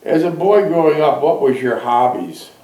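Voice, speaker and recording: A man hosting an interview, firing off brisk questions and answering with short acknowledgments. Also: on the high side, expressive, mellow, roomy sound, rough recording. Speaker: interviewer, show host. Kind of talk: reading aloud and asking interview questions.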